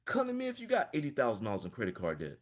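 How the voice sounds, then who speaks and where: Over a video call, this financial coach from small-town Florida in the US gives an emphatic, passionate motivational talk full of "man." He talks rapid-fire at medium pitch, his pitch swooping wildly.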